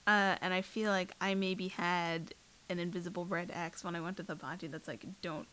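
A young woman co-hosting a podcast, telling stories in a wry, sarcastic, animated way. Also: lowish voice, moderate pace. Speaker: podcast co-host. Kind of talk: casual chat.

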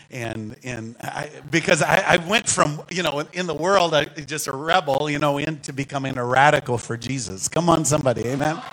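Animated man preaching with a high voice. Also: poor audio. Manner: animated, swings between hushed asides and loud exclamations. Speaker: guest preacher. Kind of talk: storytelling sermon. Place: church sanctuary.

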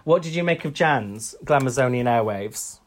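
A podcast co-host with a mid-range voice and lively intonation chats casually at a moderate pace. He's opinionated and says "um" often.

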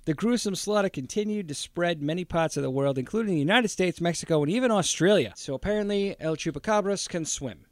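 A man with a high-pitched voice recorded very dry and close, co-hosting a casual podcast chat. He jokes and swears freely while reading out the story. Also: fairly quick, hardly any pauses, no room sound. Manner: profane, joking storyteller. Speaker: podcast co-host.

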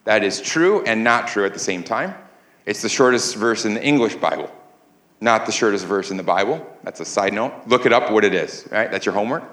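A man's voice: lowish voice, animated, a little fast, fairly bright tone, reverberant. A man preaching a sermon as pastor, earnest, repeating words as he builds emphasis. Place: church sanctuary.

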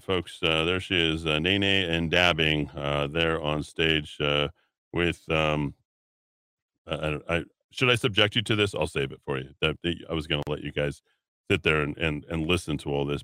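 A man's voice: sits low, bright, forceful tone, clean tone, no room sound, clean studio sound. A man hosting political talk radio, speaking in a sarcastic, mocking way. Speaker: radio talk show host.

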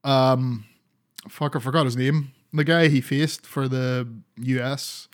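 A man's voice: medium pitch, steady tone, slow. A man co-hosting a podcast, chatting casually about wrestling, rambling, swearing often and laughing a lot. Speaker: podcast co-host.

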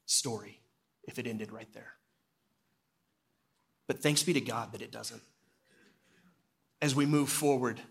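Male pastor, mid-range voice, narrative sermon delivery, hushed at solemn moments. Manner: storytelling, drops low and quiet for solemn moments. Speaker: executive pastor.

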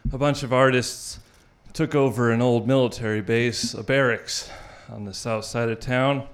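A man tells a personal story live, wry and lively, laughing through his lines at a normal speed in an ordinary-pitched voice.

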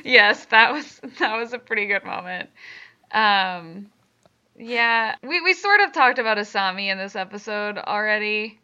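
Bright lively woman, blunt and lo-fi. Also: medium pitch, unhurried, smooth. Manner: blunt, short interjections, casual swearing. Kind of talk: casual chat reviewing a cartoon episode. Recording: dull lo-fi sound.

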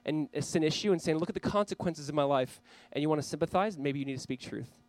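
Earnest pastor with a fairly high voice. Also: male voice, fast talker, darkish tone, no echo, rough recording. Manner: earnest, urging the listeners directly. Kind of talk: sermon. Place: church, speaking to a camera for online viewers.

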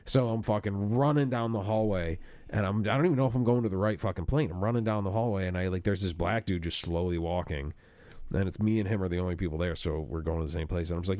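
A man's voice: low voice, quick pace, warm tone, no room sound. A man co-hosting a casual chat show, telling travel stories with a lot of swearing and jokes. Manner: profane, joking storyteller. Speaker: podcast co-host.

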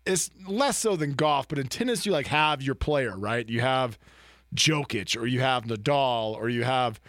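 A man's voice: mid-range voice, animated, normal speed, fairly bright tone, no room sound, clean studio sound. A man, co-hosting a casual sports talk show, joking and trash-talking. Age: 30s. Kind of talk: casual chat.

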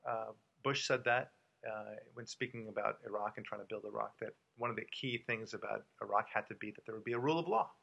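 Gravelly American male host, husky tone, emphatic and repetitive in casual talk. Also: fairly low pitch, fast, a bit bright, muffled recording. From United States. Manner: emphatic, repeats his points, many fillers. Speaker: podcast host and author.

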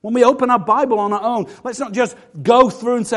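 A man's voice: extremely high pitch, quick pace, hardly any pauses, fairly bright tone. A middle-aged man preaching a sermon as pastor, conversational and self-deprecating.

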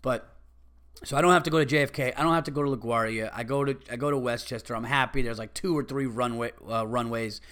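A man, hosting a podcast and telling a story in an animated, exasperated way. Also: medium pitch, fast. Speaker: podcast host. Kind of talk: casual storytelling monologue.

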